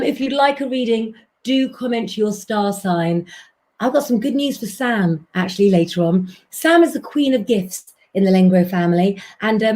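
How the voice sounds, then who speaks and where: A woman's voice: medium pitch, darkish tone. A woman hosting a live stream as an astrologer and tarot reader, talking chattily to her viewers and calling them "guys".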